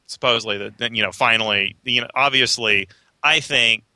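A man's voice: mid-range voice, fairly quick, sharp tone, no room sound. A man co-hosting a casual political chat, wry and rambling, with many fillers.

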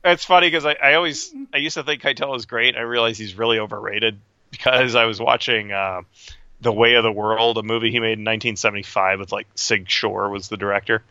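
A man chatting casually and opinionatedly about films, rambling and sometimes shouting impressions. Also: lowish voice, steady tone, fairly quick, clean tone, dry recording. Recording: dry, dull lo-fi sound.

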